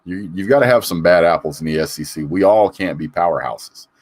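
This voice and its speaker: A man's voice: deep voice, fairly quick, breathy edge, no room sound. A man hosting a casual live sports show, reading comments and greeting viewers by name in an opinionated, chatty way. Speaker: sports talk host reading live chat. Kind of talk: casual live call-in chat.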